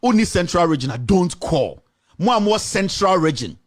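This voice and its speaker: A man's voice: high-pitched, sing-song, moderate pace. A man with a Ghanaian accent hosting a heated political talk radio show, switching between English and Twi. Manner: fiery, mixes English with Twi.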